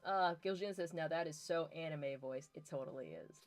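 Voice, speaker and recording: A woman's voice: low voice, normal speed, dry recording. A woman hosting a game stream, chatting casually with friends and reading viewer comments aloud, with lots of fillers. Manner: chatty, filler-heavy, reads chat aloud. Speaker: streamer host. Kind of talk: casual chat while gaming.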